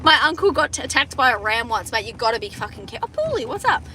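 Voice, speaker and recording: A young Australian woman chats on a phone livestream from inside a moving car, with faint road hum behind her. Her voice is bright and fairly high. She rambles and swears freely, and often restarts her sentences. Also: very animated, fast. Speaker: farmer livestreaming to viewers. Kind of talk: casual livestream chat. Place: inside a car driving around a farm. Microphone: phone front camera.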